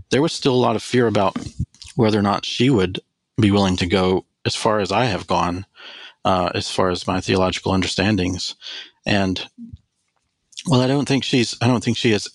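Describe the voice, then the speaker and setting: A man in his forties with a low voice recounts a painful chapter of his life in an earnest, thoughtful way. The sound is dry and close, with no room around it. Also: no echo. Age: 40s. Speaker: podcast guest, spiritual director. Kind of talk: reflective personal storytelling.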